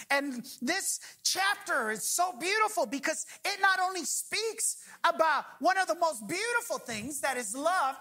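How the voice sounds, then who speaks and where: High, bright-voiced woman preaching a sermon. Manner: emphatic preaching, slowing on key phrases, prompting the congregation to finish lines. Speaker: pastor.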